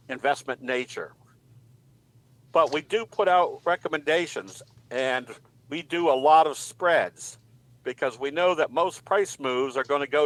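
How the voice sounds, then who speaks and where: A man presenting in a trading webinar, talking in a relaxed way and telling a joke, with some ums. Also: a little high, low-quality recording. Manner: relaxed storyteller with frequent ums. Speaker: trading educator, guest presenter.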